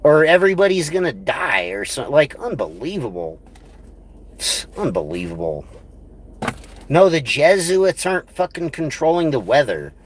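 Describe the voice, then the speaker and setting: A man's voice: a little high, big pitch swings, normal speed, a little hiss or hum. A man on a livestream, ranting crudely and scornfully in a rambling way. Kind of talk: profane livestream rant.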